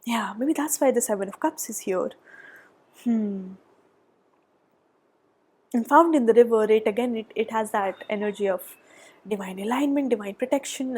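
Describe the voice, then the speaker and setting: A woman giving a tarot reading, gushing and excitable, often dropping to a soft whisper, a little out of breath. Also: on the high side, moderate pace, pauses often, husky. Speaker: tarot reader. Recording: background noise.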